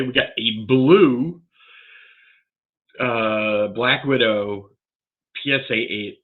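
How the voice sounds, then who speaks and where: A man vlogging as he opens graded trading cards, worked up and swearing as he talks to himself. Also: low-pitched. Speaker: card collector vlogger. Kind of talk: excited unboxing vlog. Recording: tinny phone-like sound.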